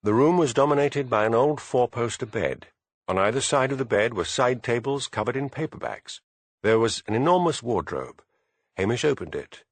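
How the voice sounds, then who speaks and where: A man narrating an audiobook in a measured storytelling manner. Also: mid-range voice, animated, dry recording. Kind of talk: scripted narration.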